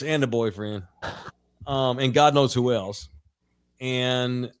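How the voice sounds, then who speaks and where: A man in his forties, a podcast co-host, telling a long crude anecdote in a casual, rambling way with plenty of profanity. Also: medium pitch. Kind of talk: casual sports podcast storytelling.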